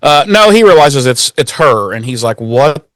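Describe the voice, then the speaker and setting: A man's voice: mid-range voice, very animated, fairly bright tone, no room sound. Profane, joking man recapping a show. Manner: profane, jokey, acts out characters in quick voices. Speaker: podcast co-host. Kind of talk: casual recap chat.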